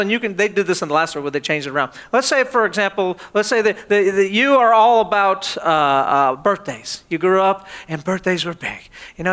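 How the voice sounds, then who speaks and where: A man's voice: high voice, bright, forceful tone. A man preaching a sermon with humor, acting out everyday household scenes as he tells them. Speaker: pastor.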